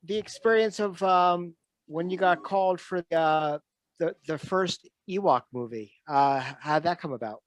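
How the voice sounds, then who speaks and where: A male host asking halting, hesitant interview questions over a video call. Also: a little high, dry recording, poor audio.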